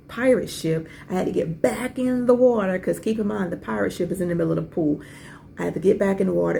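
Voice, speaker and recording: A woman in her forties hosts a podcast and tells a personal story in casual conversation. Her voice sits low and strongly gravelly, with a dark, mellow tone. She talks with lively asides and keeps asking the listener questions. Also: a little hiss or hum. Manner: animated, conversational, with many asides and rhetorical questions. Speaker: podcast host.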